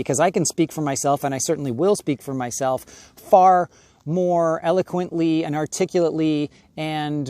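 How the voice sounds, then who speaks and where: A man's voice: fairly high pitch, a little mellow, dry recording. A man coaching actors in an emphatic, conversational way, often acting out brief voices of casting people. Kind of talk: direct-to-camera acting advice.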